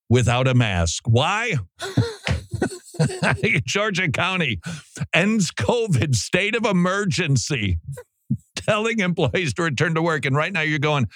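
A man's voice: a little high, fairly bright tone, no room sound, clean studio sound. Chatty joking male radio host. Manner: chatty and joking, laughs often. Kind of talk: casual radio monologue. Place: radio studio. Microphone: studio microphone.

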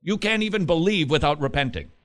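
Guy hosting a christian talk radio show, chatty and quick, bouncy lively pitch, gets real emphatic. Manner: lively, emphatic, rising to forceful exhortation; quick, chatty asides with restarts and laughs.

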